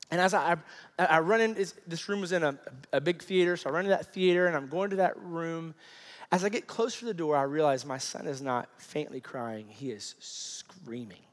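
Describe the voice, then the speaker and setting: A man in his thirties preaching a sermon, telling a personal story and acting out the people in it. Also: fairly high pitch. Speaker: pastor. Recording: long hall reverb.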